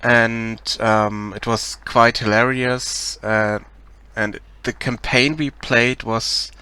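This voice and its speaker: A man with a German accent chats casually through a live stream of his work. He talks very slowly, with a bright, forceful edge. He pauses often and restarts his sentences as he looks for words. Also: mid-range voice, level tone, smooth. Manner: hesitant, many ums and restarts, laughs shyly. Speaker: game developer streaming live.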